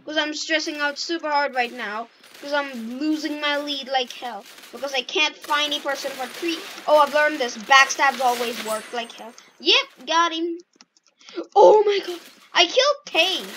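Woman, gameplay commentary, high-pitched, slow-paced, excitable. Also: a little hiss or hum, poor audio. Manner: excitable, yelps and shouts at the game, self-mocking. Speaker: gaming YouTuber.

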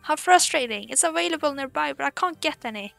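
A woman's voice: high-pitched, lively intonation, fairly quick, creaky, fairly bright tone, faint music behind, full character voice. A woman reading the lines of a worried young village boy aloud in a game, earnest and pleading.

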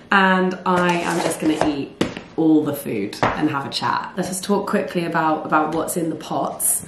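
A woman, chatting casually to camera in a rambling vlog, her voice slightly hoarse. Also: lowish voice, background noise. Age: 20s. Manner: chatty, rambling, often laughing. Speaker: vlogger. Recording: echoey room with faint ambience.

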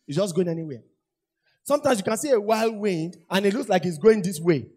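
A man's voice: high-pitched, expressive, fairly quick, dark tone, slightly rough. A man preaching a sermon, repeating phrases for emphasis and asking the congregation rhetorical questions. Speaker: pastor.

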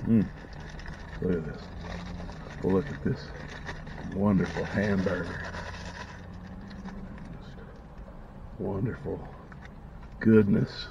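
Brief: slow-talking man with a gravelly voice, eating on camera, mouth full, muffled lo-fi sound. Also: deep voice, slight background noise. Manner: savoring food, talking with his mouth full. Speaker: food vlogger. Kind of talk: casual eating vlog.

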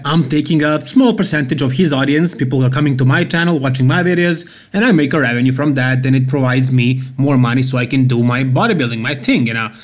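A man from Serbia with a Serbian accent, hosting an opinionated bodybuilding commentary vlog and repeating key words for emphasis. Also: fairly high pitch. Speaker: bodybuilding channel host.

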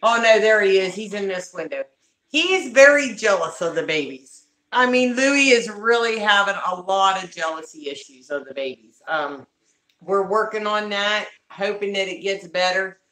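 A woman talks casually to viewers on a livestream at home, greeting people by name and calling out to her pets. Her voice is bright. The room is echoey. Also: mid-range voice, normal speed. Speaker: livestream host talking to viewers.

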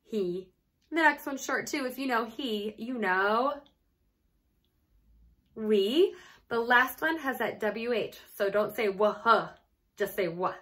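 A woman teacher giving a phonics lesson to young children, sounding out letters and syllables with patient, gentle prompting. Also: a little high, expressive, slow pace, pauses often.

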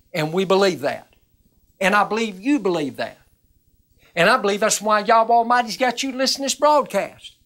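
On a television broadcast, a woman minister teaches the Bible in a medium-pitched voice. She's earnest and emphatic, repeating words as her excitement builds.

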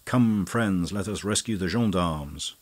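A man's voice: low-pitched, unhurried. A man reading a hot-blooded young poet's lines in a rousing, impetuous way. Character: fiery young male poet, hot-blooded.

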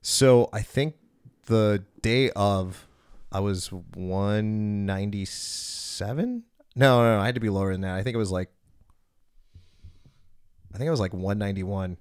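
A man hosting a podcast, telling stories in a lively, casual way and swearing freely. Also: on the low side, normal speed, pauses often, smooth, dry recording, studio quality. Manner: animated storyteller, swears freely. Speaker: podcast host.

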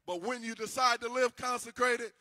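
Bright-voiced preaching pastor, man. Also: very high-pitched, steady tone, moderate pace, no room sound. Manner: preaching with rising, sing-song emphasis and repeated restarts. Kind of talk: sermon. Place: church.

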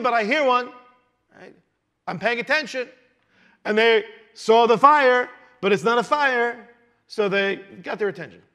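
A man teaching a verse-by-verse sermon to a congregation, conversational and animated, asking rhetorical questions and dropping into quiet asides. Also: high voice. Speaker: Messianic Jewish teacher. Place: congregation hall.

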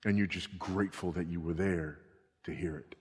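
A middle-aged male pastor preaching a sermon, swinging between emphatic repeated warnings and hushed, low passages. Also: steady tone, normal speed. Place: church sanctuary. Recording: long reverb of a church hall.

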